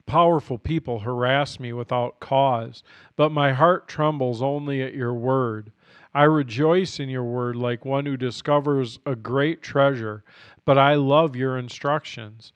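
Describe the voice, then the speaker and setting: Man reading scripture, voice going hoarse. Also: mid-range voice, no room sound, dull audio. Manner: earnest, unhurried reading, apologetic asides. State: scratchy throat, voice going. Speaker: Bible reading podcast host. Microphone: studio mic.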